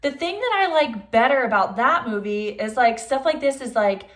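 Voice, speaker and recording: A woman's voice: on the high side, expressive. A young adult woman casually retelling a film's plot for her channel in a chatty way, with lots of "like" fillers. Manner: chatty, says "like" a lot; acts out characters' lines in quick voices. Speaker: movie reviewer.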